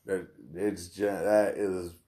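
A man's voice: deep voice, flat delivery, takes it slowly, dark tone. A man in casual chat, laid-back and loose, swearing freely and filling his talk with "you know" and "like".

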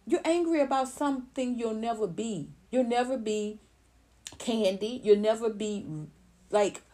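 A woman giving blunt, animated celebrity gossip commentary on her own channel. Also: on the high side, measured pace. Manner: animated, blunt, rising to heated outbursts. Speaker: commentary vlogger.

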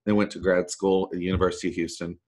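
A middle-aged man, a voice actor guest telling a long story in a rambling, animated way and acting out the people he quotes. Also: sits low, racing. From Texas. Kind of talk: storytelling anecdote.

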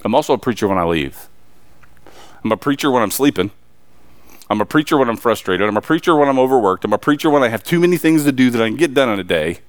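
A man's voice: mid-range voice, animated, fast talker, no room sound. A man preaching a sermon, emphatic and pressing the congregation with rhetorical questions.

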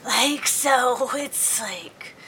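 Female podcast co-host, raised pitch, blunt and giggly, crude humor. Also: extremely slow, pushed and bright, slight background noise. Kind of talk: casual chat.

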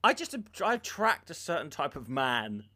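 A man's voice: mid-range voice, sing-song, moderate pace, pushed and bright, no room sound, clean studio sound. A middle-aged man with a rambling, anecdotal way of talking, co-hosting a casual podcast chat. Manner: rambling storyteller, puts on voices in anecdotes. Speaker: podcast co-host.

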